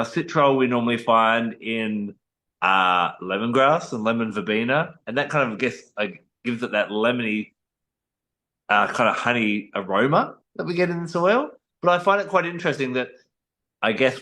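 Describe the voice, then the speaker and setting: A man's voice: mid-range voice, a bit bright, low-quality recording. An Australian man co-hosting an aromatherapy talk, explaining things thoughtfully in a casual educational way. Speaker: aromatherapy co-host.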